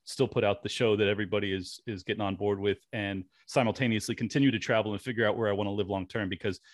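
A man's voice: on the low side, fast, no echo. A young man, a podcast guest, chatting casually and telling stories with animation and frequent laughs. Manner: animated storyteller, laughs often. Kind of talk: casual interview chat.

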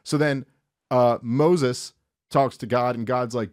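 A man hosting a talk show, casually retelling a story and commenting, swearing often and slipping into quick voices for the characters. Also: mid-range voice, dry recording, clean studio sound. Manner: profane, animated, acts out characters in quick voices. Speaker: podcast host. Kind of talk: irreverent comedic retelling and commentary.

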